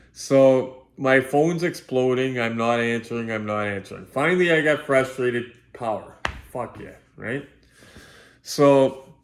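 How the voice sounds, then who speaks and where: A middle-aged man from Canada, hosting his channel and telling a personal story casually, acting out each line of dialogue in quick bursts. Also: mid-range voice. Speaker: host.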